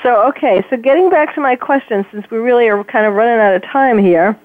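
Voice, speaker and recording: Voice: medium pitch, fairly quick, dry recording. A radio host conducting an interview, steering the talk with short questions and brief backchannels. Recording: dry, tinny phone line.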